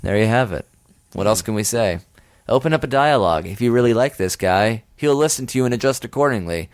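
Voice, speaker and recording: Man, co-host, casual banter, lively pitch, dry close mic. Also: fairly quick, clean tone, no room sound. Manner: laughs often, lively banter. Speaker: podcast co-host. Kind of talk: casual chat, reading listener letters.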